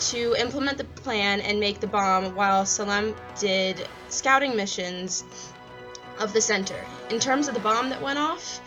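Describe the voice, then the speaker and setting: A young woman reads a mock news script in a steady, careful way, slowing over hard names. Her voice sits a little high, and music runs beneath it. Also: poor audio. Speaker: news anchor. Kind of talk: read mock news broadcast.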